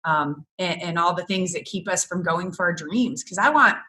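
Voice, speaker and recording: A middle-aged woman, a business coach, chatting in an interview and telling lively stories with frequent laughter. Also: lowish voice, moderate pace, slight background noise. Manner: animated storyteller, laughs often. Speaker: guest, business coach for photographers. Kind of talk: casual interview chat.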